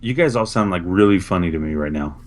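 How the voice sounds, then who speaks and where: A man's voice: low-pitched, expressive, fast talker, background noise. A man co-hosting a casual gaming podcast, teasing the others with dry humor. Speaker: podcast co-host. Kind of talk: casual chat.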